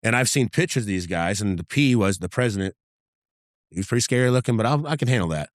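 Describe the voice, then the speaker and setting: A middle-aged man with a lowish voice recounts his undercover days in a loose, conversational way. He swears freely and slips into the voices of the people in his stories. The recording is close and dry, with almost no room sound. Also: expressive, fast, no room sound. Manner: vivid, profane anecdote-telling that acts out dialogue. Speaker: podcast guest, former undercover agent. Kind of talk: casual storytelling interview.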